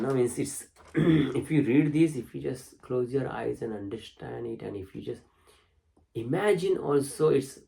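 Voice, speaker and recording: A man teaching as a spiritual teacher, reading a spiritual text aloud and explaining it in a slow, contemplative way with emphatic rises. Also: mid-range voice, vocal fry, mellow, low-quality recording.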